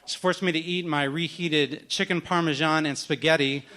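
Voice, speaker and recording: A man's voice: fairly high pitch, fairly even intonation, normal speed, pushed and bright, slight background noise. A man in his thirties telling a wry, self-deprecating story on stage at a live event, acting out the other people in it.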